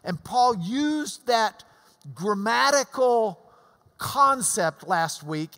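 A man's voice: high-pitched, pushed and bright, long reverb tail. A man in his sixties giving a sermon as a preacher, teaching through Bible verses with emphatic delivery and folksy asides about Greek words. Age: 60s.

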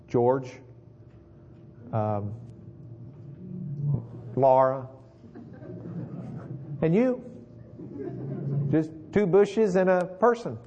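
A male preacher retelling a story in a conversational, animated, folksy sermon. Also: on the high side, highs cut off, a little hiss or hum.

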